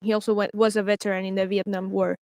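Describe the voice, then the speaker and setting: A woman co-hosting a podcast, talking casually and haltingly with many fillers. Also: mid-range voice, little pitch movement, a little mellow, dry recording, studio quality. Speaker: podcast co-host.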